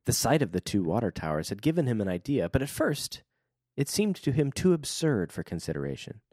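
Animated man reading aloud. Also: mid-range voice, brisk, no echo, studio quality. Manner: animated, laughs often, lively reading. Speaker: podcast co-host reading a book aloud. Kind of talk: casual chat and read-aloud.

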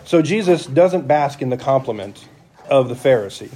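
A man's voice: medium pitch, lively intonation, moderate pace, dark tone. A middle-aged man, a church elder, preaching a sermon in an explanatory, conversational way with restarts and asides.

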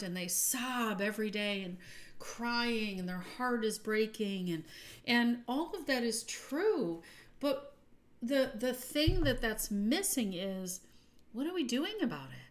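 A woman hosting a podcast, giving an earnest, upbeat spiritual talk that often trails off softly at the ends of phrases. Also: on the high side, lively intonation, a little slow. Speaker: podcast host.

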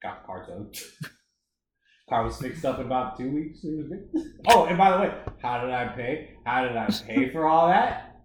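A young man in casual chat with friends, an animated storyteller who acts out his own panic. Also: mid-range voice, normal speed. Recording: echoey room with faint noise.

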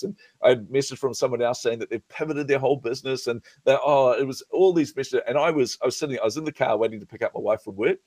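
A man's voice: medium pitch, fast, few pauses, no echo. A middle-aged man, a business coach, chatting as a podcast guest and acting out the dialogue in his stories. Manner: animated storyteller, acts out quoted dialogue. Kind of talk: casual interview chat.

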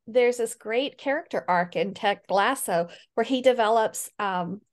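A middle-aged woman speaking as a guest in a conversational interview, earnest and animated when she quotes others. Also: fairly high pitch, unhurried. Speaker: guest, healing coach.

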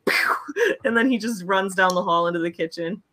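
A woman's voice: medium pitch, fast talker, fairly bright tone. A young woman co-hosting a podcast in casual chat, chatty and laughing often as she acts out her dog's reactions. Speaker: podcast co-host.

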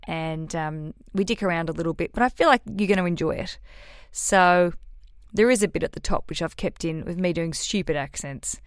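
A woman's voice: lowish voice, normal speed, smooth, no room sound, clean studio sound. A woman with an Australian accent, hosting a podcast in casual, swearing, self-mocking chat. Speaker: podcast host.

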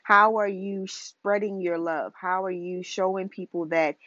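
A woman hosting a casual solo podcast, talking in a relaxed, chatty way and often restarting her phrases. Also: medium pitch, moderate pace, hardly any pauses, no echo, lo-fi sound. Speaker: podcast host.

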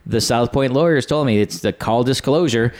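A man who hosts a late-night comedy show, chatting casually on a podcast and telling animated stories with plenty of swearing. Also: medium pitch, moderate pace. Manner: animated storyteller, swears freely. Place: small home studio.

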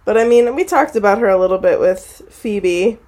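A woman's voice: medium pitch, normal speed, darkish tone. A woman chatting casually as a podcast co-host. She mostly chimes in with short, agreeable remarks. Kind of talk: casual chat.

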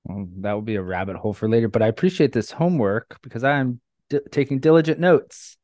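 A middle-aged podcast host rambles casually and laughs often, talking fast in a medium-pitched, darkish voice. The recording is studio quality with no room sound.

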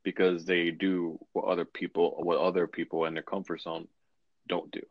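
A man's voice: low voice, flat delivery, moderate pace, husky, no echo, lo-fi sound. A man hosting a casual podcast chat, rambling with frequent restarts. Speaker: podcast host.

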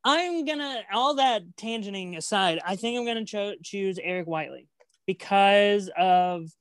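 This woman speaks in a smooth mid-range voice at a normal speed, captured on a dry recording. She's co-hosting a laid-back podcast, meandering through her match picks with a chatty, competitive playfulness.

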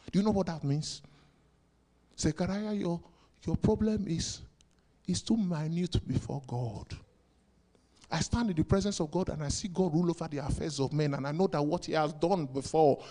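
A pastor preaching a sermon, asking rhetorical questions and bursting into sudden loud shouts. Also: male voice, fairly high pitch, normal speed, long pauses.

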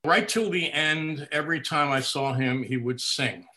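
Bright-voiced older man telling life stories. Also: a little high, normal speed. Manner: animated storyteller who laughs at his own stories. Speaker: interview guest. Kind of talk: reminiscing in a conversational interview.

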